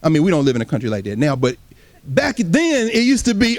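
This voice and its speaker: This is a man lecturing on history before a live audience, his voice pitched high and bouncing all over its range. He talks in a loose, casual way, addresses the crowd directly and slips into voices from the past. The sound is close and dry, with almost no room echo. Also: big pitch swings, quick pace. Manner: casual, colloquial speech.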